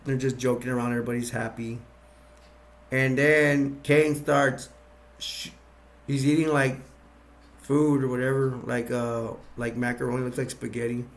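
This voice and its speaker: Gravelly man rambling through a plot. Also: medium pitch, level tone, normal speed. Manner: rambling, many ums and restarts. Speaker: movie reviewer. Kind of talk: casual plot retelling. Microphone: attached to a bag.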